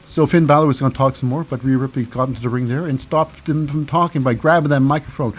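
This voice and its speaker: A man's voice: medium pitch, quick pace, hardly any pauses, slightly rough. A man hosting a casual wrestling recap, rambling along with frequent fillers and self-corrections. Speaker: recap show host.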